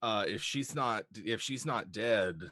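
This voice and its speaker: A man's voice: fairly low pitch, slow pace, bright, forceful tone, dry recording, clean studio sound. A man playing a tabletop game, chatting casually with laughing, rambling asides. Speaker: player.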